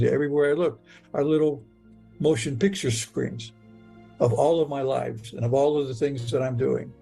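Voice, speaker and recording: A man telling a personal story in an earnest, halting way, often repeating words as he goes. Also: medium pitch, gravelly, dark tone. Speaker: guest telling his story.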